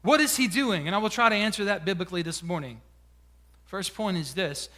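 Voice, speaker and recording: A man's voice: sits high, a little fast, bright, forceful tone. A man, a pastor preaching a sermon and telling a personal story with emotion and frequent restarts. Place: church sanctuary.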